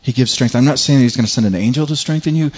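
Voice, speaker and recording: A man preaching a sermon in a mid-range voice. He repeats words as he goes and climbs higher when he stresses a point. The recording is a little dull and muffled. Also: fast, breathy edge. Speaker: pastor.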